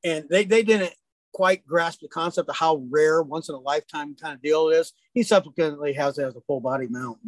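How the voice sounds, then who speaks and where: A man who works as a hunting guide, telling folksy, lively stories in a casual chat. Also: on the high side, fairly quick, no echo. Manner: animated, folksy storyteller. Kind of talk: casual storytelling.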